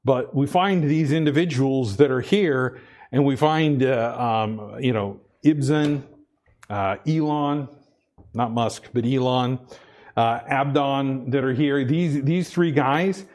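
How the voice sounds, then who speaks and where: A man preaching a sermon in a conversational way, often repeating himself and asking the congregation "Amen?", sometimes rising high with excitement. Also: takes it slowly. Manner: animated, rises high and loud when excited. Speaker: pastor.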